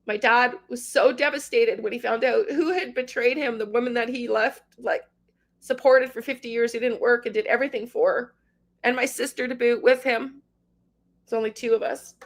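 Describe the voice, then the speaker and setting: Tearful woman with a gravelly voice. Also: on the high side, steady tone, normal speed. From Canada. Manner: rambling, tearful, talks to chat by name. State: crying. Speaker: tarot livestream host. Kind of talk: emotional livestream chat with viewers.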